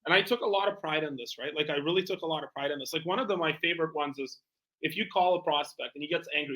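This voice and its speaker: A man who is a guest in an interview, a tailor and entrepreneur telling sales anecdotes in a lively way, full of "like" and "you know". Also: a little high, fast talker, rough recording. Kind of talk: animated storytelling in conversation.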